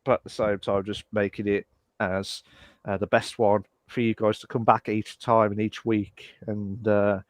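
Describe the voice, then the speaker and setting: A man co-hosting a casual live podcast, rambling through his points with lots of fillers and quick apologies. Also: fairly low pitch, little pitch movement, dry recording. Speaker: podcast co-host.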